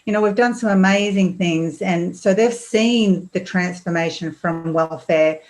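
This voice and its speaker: A middle-aged woman, a podcast guest telling personal stories in a lively way, acting out what people said. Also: fairly low pitch, measured pace, poor audio. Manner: animated, acts out quotes with laughs. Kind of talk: casual storytelling interview.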